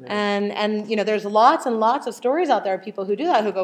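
Woman, study group leader, mid-pitched, lively storyteller who slips into quoted voices. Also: fast talker. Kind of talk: casual group Bible study discussion.

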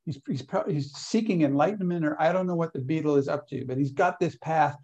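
A man's voice: on the high side, fairly quick, a little mellow, highs cut off. A man leading a workshop, talking loosely through stories and acting out little inner voices. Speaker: workshop leader. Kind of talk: teaching talk.

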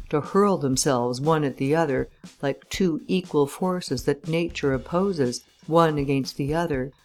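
A woman reading a classic story aloud as an audiobook narrator, in a measured, even way. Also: sits low. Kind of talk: scripted narration.

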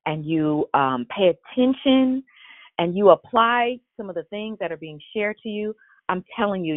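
A woman with a fairly low voice hosts a church prayer call over the phone, encouraging callers in a warm, sermon-like way. The line is tinny but carries no room sound.

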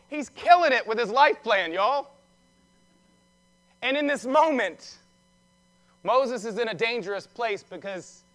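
A male pastor gives an Easter sermon in a loose, storytelling style, with quips and questions to the congregation. His voice sits high and sounds bright and forward. He moves easily between joking asides and earnest points. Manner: conversational storytelling with humor.

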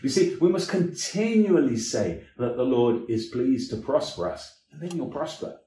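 A man's voice: mid-range voice, expressive, normal speed, mellow, echoey room, slight background noise. A man preaching a sermon as an evangelist, with emphatic delivery that rises and drops in sweeping waves.

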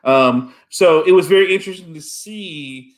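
A man's voice: fairly high pitch, moderate pace. A man talking casually about a film, with many fillers and restarts. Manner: rambling, full of "you know" fillers. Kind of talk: casual chat.

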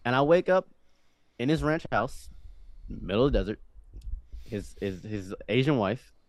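This is a podcast guest in his twenties, a man with a mid-range voice and a slightly slow pace. He rambles animatedly through a casual story, restarting frequently, and there's no room sound.

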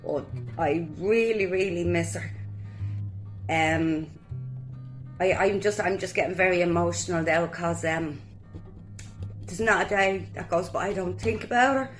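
An Irish woman sharing lively, colloquial stories in a personal tribute to her late cousin. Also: fairly low pitch, takes it slowly, pauses often, faint music behind. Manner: lively anecdotal storytelling, colloquial. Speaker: guest sharing memories of a cousin.

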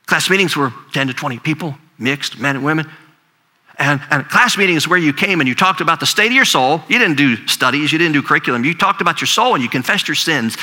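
A man's voice: on the high side, expressive, fast, sharp tone. An older man, a grandfather, preaching a sermon in a conversational storytelling way, often repeating words as he talks. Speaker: pastor.

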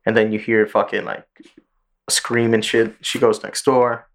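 A man's voice: lowish voice, little pitch movement, moderate pace, vocal fry. A man hosting a podcast in casual chat, loosely retelling a show's plot with plenty of swearing. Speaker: podcast host.

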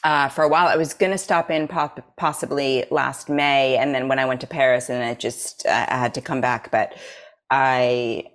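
A woman's voice: rumbling low, steady tone, moderate pace. An American woman guest chatting enthusiastically and gushing about things she loves. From United States. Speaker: guest astrologer. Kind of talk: casual chat.

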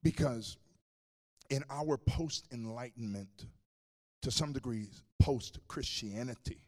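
A male pastor preaching a sermon, telling a story with animated swings between loud and hushed. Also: medium pitch, slow pace.

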